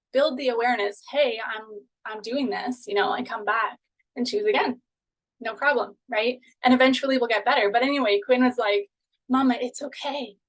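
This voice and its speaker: A woman's voice: fairly high pitch, low-quality recording. A woman leading a live online manifestation workshop, talking in a chatty, encouraging way full of "you know" and "okay". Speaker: manifestation coach.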